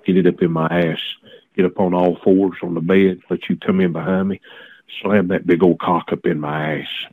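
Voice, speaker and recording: A man making crude, lewd prank calls in a steady, unbothered tone. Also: sits low, normal speed, slightly rough. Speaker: prank caller. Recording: tinny phone line with faint noise.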